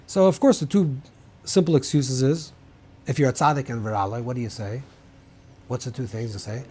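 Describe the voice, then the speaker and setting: Male rabbi, husky voice, loose teaching delivery, restarts often, mixes in Hebrew terms. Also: medium pitch, moderate pace, dark tone. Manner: thinking aloud, many restarts, mixes Hebrew terms into English. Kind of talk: informal Torah lecture.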